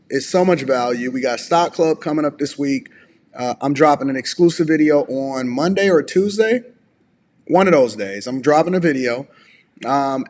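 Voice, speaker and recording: A man hosting a reaction channel, talking in a casual, conversational way. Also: a little high. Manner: conversational, promotional asides, loose fillers. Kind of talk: casual commentary.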